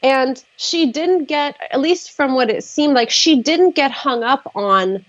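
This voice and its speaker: A woman therapist talking casually on a livestream video call, measured and thoughtful with frequent fillers. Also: high voice, no echo, highs cut off. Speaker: therapist, regular guest.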